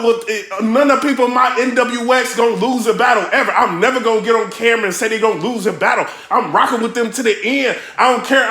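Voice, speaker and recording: A young man reacts to a rap battle at full volume, shouting and repeating himself. His voice is very high, bright and gravelly. He records in a room with a lot of echo. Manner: hyped, yelling and repeating himself. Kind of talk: excitable reaction commentary. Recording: echoey room.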